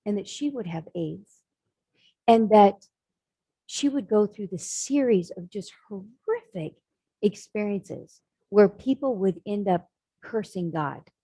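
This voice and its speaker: Woman storyteller for a sermon, warm and husky, dry room sound, acts out the characters as she goes. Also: medium pitch, expressive, slow pace, dry recording, low-quality recording. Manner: dramatic storyteller voicing characters. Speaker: spiritual speaker.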